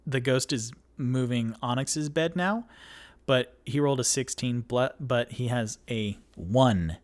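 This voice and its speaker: Man, dungeon master, casual game narration, rambling, slow, mid pitch. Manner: rambling, filler-heavy, animated. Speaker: dungeon master and solo player.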